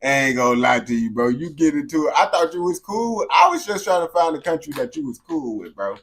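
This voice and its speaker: A young man, a streamer, chatting casually with a game character in heavy slang, swinging between low mumbles and excited yelling. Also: a little fast.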